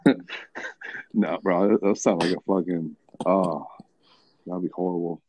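Deep-voiced laid-back podcast host. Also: male voice, fairly even intonation, a little slow, a little mellow, breathy edge, dry recording. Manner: laid-back, swears often, lots of bro and dude. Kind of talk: casual chat.

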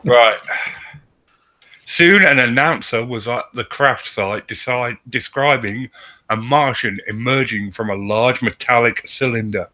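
A man co-hosting a podcast, reading a story aloud with a measured, dry delivery between bits of banter. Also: medium pitch, sharp tone, low-quality recording. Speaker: podcast co-host.

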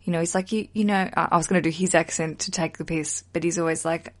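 A woman's voice: low-pitched, level tone, quick pace. Chatty, jokey woman podcast host. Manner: chatty, jokey, self-mocking, swears casually. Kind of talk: casual solo podcast chat.

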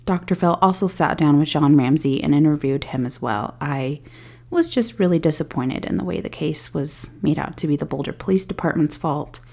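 A woman with a fairly low, warm and mellow voice reads a scripted true-crime narration as a podcast host. She keeps a measured pace and drops in candid personal asides along the way. Her delivery stays even and steady throughout. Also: vocal fry.

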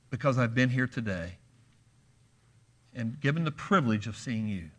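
A male preacher with a bright, forward tone delivers an earnest, emphatic sermon in a church, posing question after question to the congregation. His voice sits in a middle register. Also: medium pitch, expressive, normal speed, long pauses. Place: church sanctuary.

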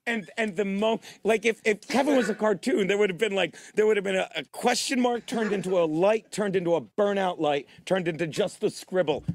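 A man's voice: sits high, a little fast, few pauses, a little hiss or hum. A man ranting profanely on a stream clip, heated and rambling. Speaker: commentator in a played clip.

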